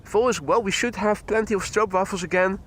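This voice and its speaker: A man's voice: high-pitched, fast talker, a bit bright. A man, chatting casually as host of a live plane spotting stream, greeting viewers by name, his nose a little stuffy, on a clip-on mic outdoors. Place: outdoors at an airport. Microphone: wireless clip-on mic on his t-shirt.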